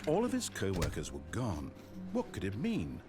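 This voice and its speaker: A dry, wry game narrator. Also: male voice, low-pitched, wildly swooping pitch, music in the background. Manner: measured, faintly ironic storytelling. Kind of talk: scripted narration.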